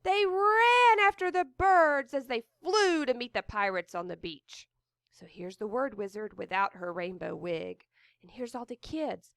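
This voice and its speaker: A woman reading a picture book aloud with expressive gasps of wonder and chatty asides about the pictures. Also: fairly high pitch, measured pace, no echo, studio quality. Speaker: storybook reader.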